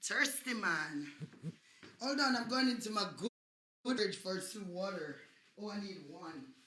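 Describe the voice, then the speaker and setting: A Jamaican woman on a livestream, taunting and cursing loudly, often breaking into shouts. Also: medium pitch, animated, measured pace, slight background noise. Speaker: social media personality. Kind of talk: livestream rant.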